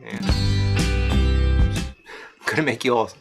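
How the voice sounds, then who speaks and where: Man, livestream auction host, casual chatty, reads out bids, gravelly voice. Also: mid-range voice, drawn-out words, over loud music, low-quality recording. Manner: chatty, reads out bidders and amounts. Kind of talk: casual live-stream auctioneering.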